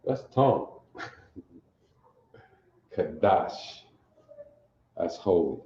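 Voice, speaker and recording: A man's voice: low-pitched, big pitch swings, extremely slow, warm tone, echoey room, lo-fi sound, a little hiss or hum. A man from teaching a livestreamed Bible class, quizzing his listeners and repeating phrases over and over to drill them. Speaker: religious teacher.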